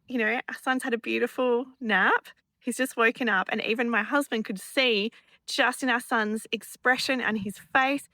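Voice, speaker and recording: A woman in her thirties tells personal stories in a gentle, earnest way, often pausing on fillers. Her voice is bright and clear. The sound is dry and close, with almost no room in it. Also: mid-range voice, dry recording. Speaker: spiritual vlogger and mother. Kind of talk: casual storytelling to camera.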